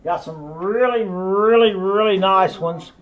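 A man's voice: sits high, slow, muffled recording, slight background noise. A man hosting a live online auction, calling bids over and over with folksy asides. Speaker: auctioneer and host.

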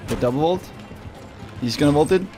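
A man giving casual, excitable gameplay commentary, swearing often and talking to his opponent. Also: on the high side, fairly quick, over music. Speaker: gaming video creator.

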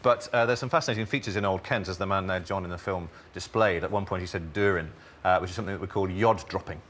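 Fast-talking low-voiced Englishman explaining. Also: fairly bright tone, slight background noise. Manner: chatty, explanatory, quick with asides and jokes. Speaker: studio guest on accents. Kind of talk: casual studio chat.

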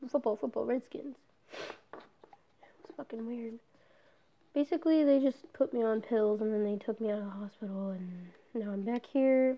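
A woman's voice: on the high side, measured pace, pauses often, lo-fi sound. A young woman in a casual personal vlog, talking candidly, swearing often and trailing off with fillers. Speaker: vlogger.

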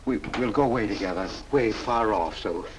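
An actor playing a meek older man in a 1940s film noir, speaking in a gentle, halting, pleading way. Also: lowish voice, crowd noise, lightly acted, poor audio.

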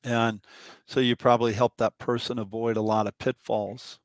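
Man, podcast host, rambling storyteller, mid pitch, dry close sound. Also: normal speed, dry recording. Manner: rambling, animated storyteller with many restarts. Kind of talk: casual conversation.

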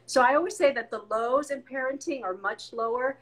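Animated woman telling family stories. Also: sits high, fairly quick, rough recording. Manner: animated storyteller, acts out family voices. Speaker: guest. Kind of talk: casual interview chat.

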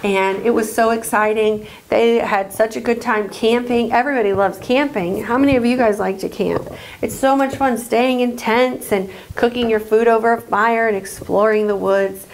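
A woman telling a story to children at church, halting with many fillers. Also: a little high, fairly even intonation, slight background noise, rough recording.

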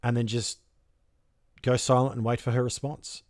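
A man's voice: mid-range voice, little pitch movement, moderate pace, darkish tone. A young man hosting an advice channel, talking bluntly and directly, swearing freely as he coaches a viewer. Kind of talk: casual advice talk to camera.

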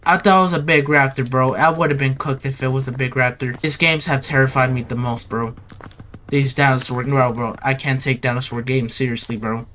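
A man's voice: medium pitch, fairly even intonation, fairly quick, pushed and bright, a little hiss or hum. A young man giving casual horror game commentary, nervous and jittery, repeating himself and tacking "bro" onto his lines. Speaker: gaming YouTuber.

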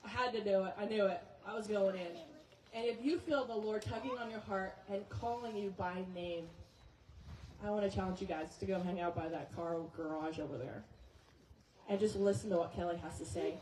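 A woman's voice: medium pitch, brisk. A woman speaking to a church crowd, telling a story in a chatty, laughing way. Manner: animated, laughing, chatty with frequent "okay?". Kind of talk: casual storytelling talk to a congregation. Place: outdoor church service. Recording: roomy, distant, with crowd and noise.

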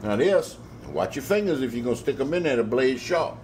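A man's voice: mid-range voice, lively intonation, brisk, background noise. A man with a Louisiana Cajun accent hosting a home cooking video, folksy and joking, swearing freely as he works. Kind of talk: casual cooking demonstration.

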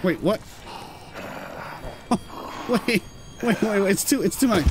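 A British man giving excitable let's-play commentary and swearing when surprised. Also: high voice, slow, pauses often, background noise. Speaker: gameplay commentator.

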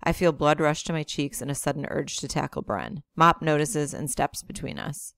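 Woman teacher reading a novel aloud to class, low voice with a gravelly edge, steady delivery. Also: normal speed, few pauses, no room sound, clean studio sound. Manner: steady, plain narration.

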